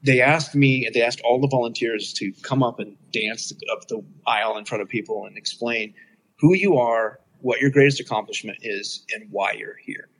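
A middle-aged man speaks in a slightly husky, breathy voice at an ordinary pitch. He tells a personal story in easy conversation and animates the quoted voices, leaping well up in pitch for other speakers' words. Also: normal speed, rough recording. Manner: animated, acts out quoted dialogue with big pitch jumps. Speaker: guest telling his story.

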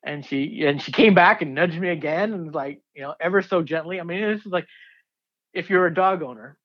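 A man in his fifties, a diver telling a story in an interview, excitable and rambling with many fillers and restarts. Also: on the high side, fairly quick, highs cut off.

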